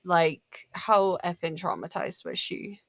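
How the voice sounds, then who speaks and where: A woman's voice: fairly low pitch, slow pace, gravelly, fairly bright tone, no echo. A young woman co-hosting a casual chat, rambling with lots of fillers. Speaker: podcast co-host.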